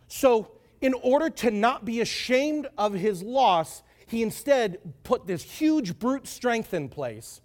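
A man's voice: very high-pitched, big pitch swings, unhurried, hardly any pauses, a little mellow. A man preaching a sermon as conversational, joking storytelling, with asides to the audience.

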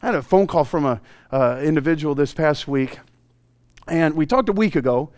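A male pastor preaching a sermon, telling stories with animated swings from loud bursts to hushed, intimate passages. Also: on the high side, normal speed, no echo.

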